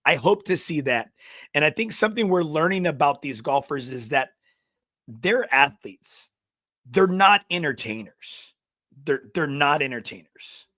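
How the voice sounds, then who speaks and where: A man hosting a golf podcast, telling stories in casual chat, swearing freely and bursting into shouts. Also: on the high side, animated, unhurried, no echo, clean studio sound. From South Texas. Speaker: podcast host. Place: podcast studio.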